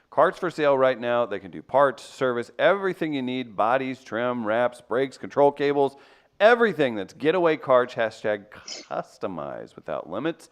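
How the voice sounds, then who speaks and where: A man hosting a comedy podcast, teasing his co-hosts, laughing often and reading sponsor spots. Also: medium pitch. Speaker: podcast host. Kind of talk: casual comedic podcast banter.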